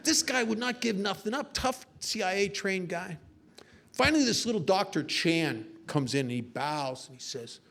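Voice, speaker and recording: A man telling his own story at a recovery meeting, his voice sitting a touch higher than most. He talks in an earnest, confessional way, slipping into self-mocking humor as he tells stories. The delivery is heartfelt and unpolished. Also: expressive, moderate pace, fairly bright tone. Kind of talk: personal testimony talk with storytelling.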